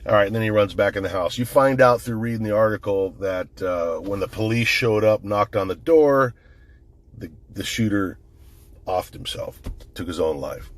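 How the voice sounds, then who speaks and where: A man's voice: lowish voice, normal speed. A man recounting an incident in casual, rambling commentary, swearing often and restarting his sentences, recorded on his phone. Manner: rambling, profane, conversational, with frequent restarts. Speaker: firearms commentator.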